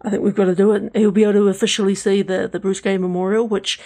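A New man co-hosting an entertainment podcast, talking in a loose, rambling way full of fillers. His voice has a gravelly, creaky edge. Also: sits high, quick pace. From New Zealand. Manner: relaxed, rambling with fillers and restarts. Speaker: podcast co-host. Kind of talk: casual chat.

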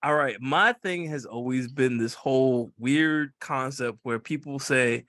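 A man in casual, profane chat, animated and quick to laugh. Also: medium pitch, no room sound, clean studio sound. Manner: animated, swears freely, laughs often.

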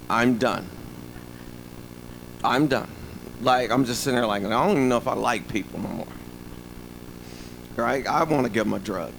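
A man preaching a sermon in an animated, joking way, with rhetorical asides to the congregation. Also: medium pitch, a little hiss or hum, rough recording. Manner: animated, humorous, call-and-response asides.

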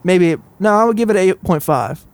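A young man in a casual music podcast, rambling through a funny story with frequent laughs. His voice sits a little high, and the sound is dry and close. He reviews songs in loose, easygoing talk. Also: expressive, brisk, no room sound. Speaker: podcast co-host.

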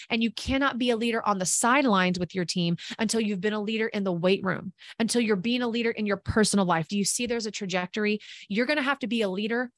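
A woman's voice: mid-range voice, no echo, clean studio sound. A woman hosting a podcast, giving a fervent, preachy motivational monologue with tough love and talk of faith. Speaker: podcast host and business coach.

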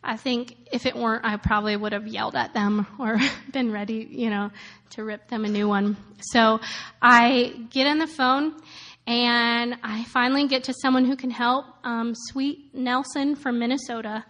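A high-pitched woman in her thirties shares a personal testimony in a loose, chatty way. She fills her story with "like" and "um", laughs often, and acts out the people she met. Her voice sits bright and light above most women's. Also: normal speed. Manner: animated, many fillers and laughs, acts out quoted voices. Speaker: speaker sharing a personal testimony.

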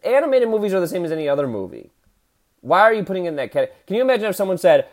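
A man's voice: high-pitched, very animated, a little mellow. A man co-hosting a podcast in casual chat, jokey and rambling as he riffs on a topic. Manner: jokey, rambling, quick to riff. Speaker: podcast co-host.

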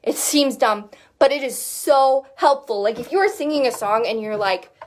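A woman's voice: on the high side, expressive, moderate pace, a little hiss or hum. A woman vocal coach teaching in a casual, chatty way, with lots of fillers and short sung demo notes.

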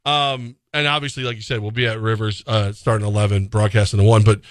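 A man's voice: on the low side, flat delivery, fast talker, no echo. A man co-hosting a sports radio show, chatting casually and rambling through a live ad read, laughing easily. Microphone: studio microphone.

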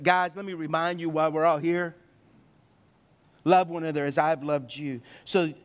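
A middle-aged man preaching a sermon, telling stories with sound effects and acted asides. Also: on the high side. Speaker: pastor.

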